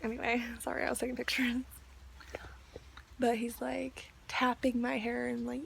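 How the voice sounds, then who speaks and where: A woman's voice: a little high, level tone, normal speed, gravelly, a little hiss or hum. A young woman ranting in a video diary, chatty and exasperated, with lots of "like". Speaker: vlogger.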